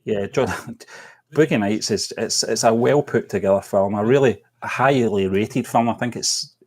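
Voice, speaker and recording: A man's voice: on the low side, unhurried. A man co-hosting a casual film chat over a remote call, hesitant, with frequent ums and laughs. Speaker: co-host.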